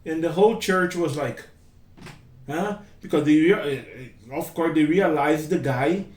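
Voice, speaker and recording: A man with a Brazilian Portuguese accent runs a relaxed English conversation class. He talks in a somewhat high voice, repeating phrases and acting out the lines of others as examples. He sounds distant from the mic in an echoey room with faint background noise. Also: a little slow. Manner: chatty, repeats phrases, acts out quoted lines.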